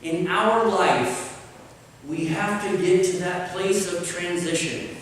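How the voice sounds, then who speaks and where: A man preaching a sermon, slow and deliberate with pauses, in a church sanctuary. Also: high-pitched, lively intonation, a little hiss or hum. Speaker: pastor. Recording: roomy church hall, mic at a distance, faint ambience.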